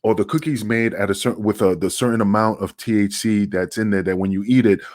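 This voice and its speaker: Low-voiced New York man rambling. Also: fairly even intonation, fast talker, a little mellow, no echo, studio quality. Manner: rambling, restarts often. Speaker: podcast co-host. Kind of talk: casual chat.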